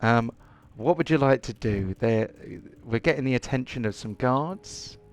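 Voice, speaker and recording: A man's voice: mid-range voice, measured pace. A man running a tabletop game as game master, chatty and full of hesitant fillers. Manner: chatty, hesitant, lots of ums. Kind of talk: casual tabletop game narration.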